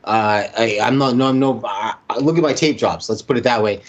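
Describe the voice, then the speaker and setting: A man's voice: mid-range voice, brisk, dull audio. A man from Winnipeg co-hosting a sports talk show, playful and provocative. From Winnipeg, Canada. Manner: playful, teasing, provocative, animated. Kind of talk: casual sports chat. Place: indoors, dressed in shirt and tie.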